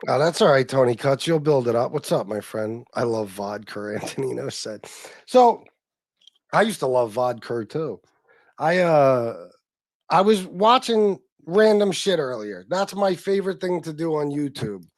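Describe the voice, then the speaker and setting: A man's voice: medium pitch, expressive, a little slow, no echo. A man, chatting casually on a livestream as host, swearing freely and answering viewers.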